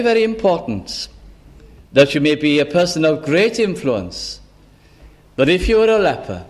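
A man preaches a sermon in an unhurried, measured way, dwelling on each phrase and repeating key words for weight. His voice sits a touch higher than most men's. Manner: slow, deliberate, repeats phrases for emphasis.

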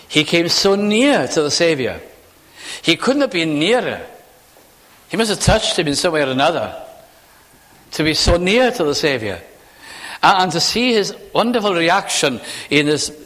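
A man delivers a chapel sermon in a slightly raised voice. He presses his listeners with repeated rhetorical questions and swings from loud passages to hushed ones. His words trail off into the long reverb of a large hall. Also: on the high side. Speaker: preacher.

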